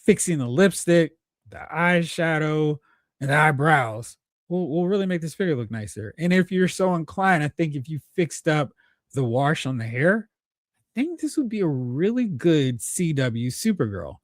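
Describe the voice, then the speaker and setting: A man's voice: on the high side, sing-song, normal speed, no room sound, studio quality. A man hosting a live stream, chatting casually, thinking aloud and reading out viewer comments. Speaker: host.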